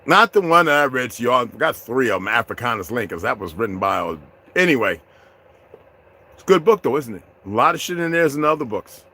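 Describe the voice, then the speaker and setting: A man ranting to his viewers in an unscripted, confrontational, profane way, dropping to low mutters and rising to loud outbursts. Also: big pitch swings, fairly quick. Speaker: vlogger addressing his viewers. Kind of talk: unscripted rant to camera.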